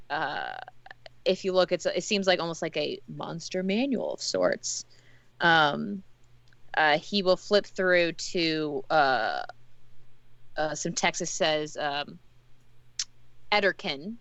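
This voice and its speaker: A woman narrates a tabletop game in a lowish voice, pausing often with fillers. The sound is dry and close, with no room around it. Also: fairly bright tone, no room sound, dull audio. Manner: hesitant, many fillers. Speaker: game master.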